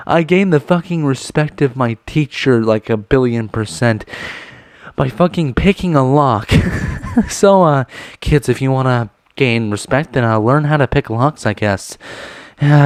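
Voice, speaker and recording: A man's voice: mid-range voice, unhurried, dry recording. A young man casually telling a storytime vlog, rambling with lots of fillers and constant swearing. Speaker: vlogger telling a school story.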